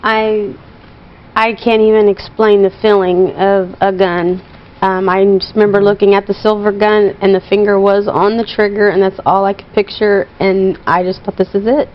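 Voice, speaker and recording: A woman telling her story as an interview guest, earnest and halting, with many pauses and fillers. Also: medium pitch, flat delivery. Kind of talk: emotional personal account. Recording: dull broadcast audio.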